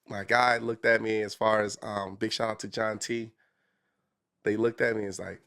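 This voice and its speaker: A man, a talk show host guesting on a podcast, telling a story with excitement, acting out quotes and swinging from whispers to shouts. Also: lowish voice, a little fast, vocal fry. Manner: speaks some Spanish and English. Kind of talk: animated storytelling in casual chat.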